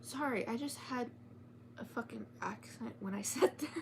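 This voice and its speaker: Chatty high-voiced woman reading storytime. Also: moderate pace, creaky, noisy background. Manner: chatty, swears casually, chats to her cats between passages. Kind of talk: casual storytime book reading. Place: home.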